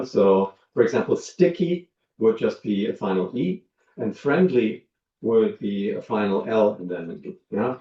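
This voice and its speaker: A man lecturing on linguistics, talking in a measured way with many ums and uhs as he works through examples. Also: lowish voice. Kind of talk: academic lecture. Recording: dull lo-fi sound, roomy, from a distance.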